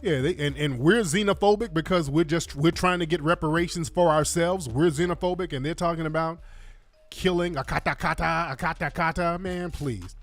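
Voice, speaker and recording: A man's voice: a little high, moderate pace, soft background music. A man hosting a radio show, giving blunt, slangy commentary. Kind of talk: commentary over played clips.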